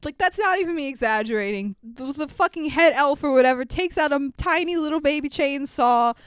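A woman's voice: sits high, fairly quick, no echo. A woman co-hosting a podcast, casually recapping a movie with lots of laughter and acted-out quotes. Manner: animated, laughing storyteller acting out quotes. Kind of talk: casual chat.

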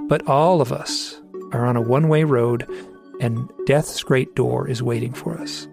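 A man's voice: medium pitch, fairly even intonation, measured pace, vocal fry, music in the background. A middle-aged man telling a personal story in an earnest, reflective way, often restarting his sentences. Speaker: speaker telling owl stories.

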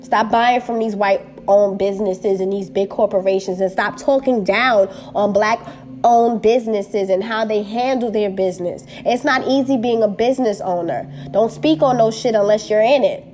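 A woman's voice: mid-range voice, normal speed, a little mellow, faint music behind. A woman on a personal video, angrily and bluntly speaking her mind, swearing often and repeating short phrases, upset and hurt. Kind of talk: impassioned personal rant to camera.

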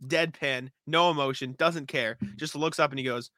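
A man with a fairly high, bright, forceful voice co-hosts a sports podcast over a remote call. He laughs often and stumbles through quick restarts. The sound is dry and close. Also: steady tone, no room sound. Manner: laughs easily, thinks on the spot with restarts. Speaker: podcast co-host. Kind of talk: casual sports podcast chat. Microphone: remote call, muted at times.

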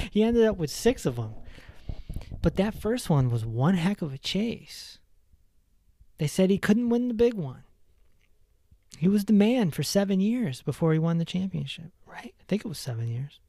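Animated male podcast host, dry sound. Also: high voice, moderate pace, pauses often, no echo. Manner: emphatic and animated, laughs at his own stories. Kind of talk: casual self-help monologue.

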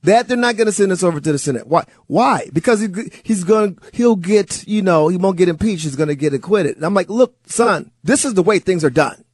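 Animated talk radio host, high lively voice. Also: male voice, a little fast, hardly any pauses, dry recording, studio quality. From United States. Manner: animated, storytelling, mocking asides. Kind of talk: conservative talk radio monologue.

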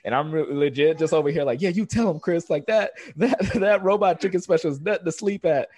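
A young man co-hosting a casual chat, laughing often and acting out scenes in silly high voices. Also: a little fast, darkish tone, no room sound. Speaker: podcast co-host.

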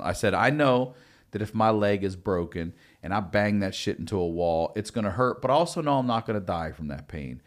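A man telling stories in a casual podcast chat, cursing freely and acting out quoted dialogue. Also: deep voice. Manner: profane, animated storytelling with quoted dialogue. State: recovering from lung blood clots. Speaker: guest.

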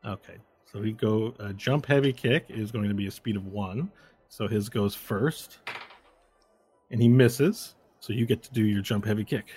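Narrating a tabletop session as game master, this man explains the rules one step at a time, working through moves and dice rolls, using filler words and correcting himself. His voice is lowish, husky, and darkish in tone, at a normal speed.

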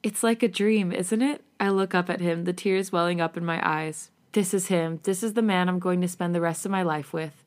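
A woman podcast host reading a romantic fan fiction story aloud in a casual, animated and sometimes giggly way. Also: on the low side, brisk, few pauses.

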